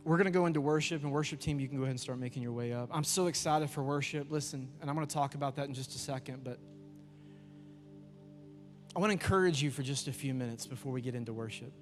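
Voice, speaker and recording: A man, preaching a youth sermon and telling stories with lively acted-out voices. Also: mid-range voice, quick pace. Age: 30s. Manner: lively storytelling, acts out voices. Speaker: youth pastor. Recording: echoey hall with music behind.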